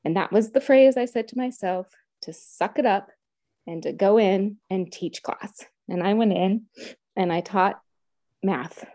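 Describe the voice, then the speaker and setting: A woman in her thirties recounts her story in an earnest, heartfelt way. Her voice is mellow and warm, and the recording sounds close and dry. She often quotes her own prayers and thoughts. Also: medium pitch, measured pace, dry recording. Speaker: guest sharing a personal story. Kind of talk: emotional personal storytelling.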